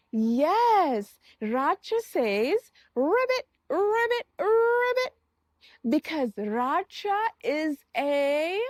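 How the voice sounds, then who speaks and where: A woman with a high, bright voice that swoops up and down as she teaches young children. She speaks very slowly and coaxingly, repeating each word and prompting the child to answer. The recording is close and dry. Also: dry recording. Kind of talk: slow sing-song teaching for kids.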